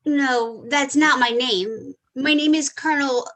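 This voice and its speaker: A woman's voice: sits high, fairly bright tone. A woman reading the part of a flustered colonel in a casual video-call table read, hesitant and unsure. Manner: hesitant, slow, unsure delivery. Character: flustered colonel arriving at a mansion.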